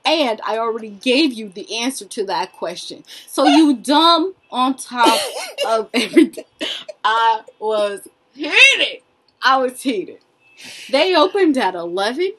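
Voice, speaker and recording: A young woman co-hosting a podcast, telling stories in animated casual chat and laughing often. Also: on the high side, measured pace, slightly rough, low-quality recording. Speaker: podcast co-host, daughter.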